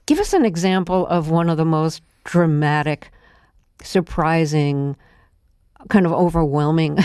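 Brief: female radio host, smooth resonant voice, calm questions, dry studio. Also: sits low, no echo. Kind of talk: radio interview.

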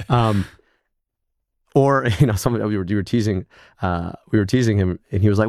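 Low gravelly-voiced man telling stories. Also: moderate pace, pauses often, no echo, studio quality. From United States. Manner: reflective storytelling, acts out quoted dialogue. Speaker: guest. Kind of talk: conversational interview.

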